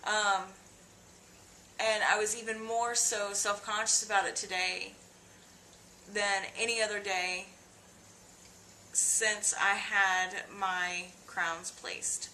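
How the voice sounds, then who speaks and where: Slow-talking young woman, bright voice. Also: medium pitch, little pitch movement, a little hiss or hum. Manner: halting, many fillers and restarts; confiding, emotional storytelling. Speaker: vlogger. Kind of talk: personal video diary.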